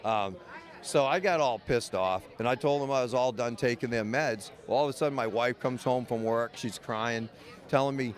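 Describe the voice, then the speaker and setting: Speaking a bit fast in a mid-range voice, an American interviewee recounts his life openly. He works as a medical cannabis caregiver and is also a patient himself, and his talk is profane, blunt, and meandering, full of restarts.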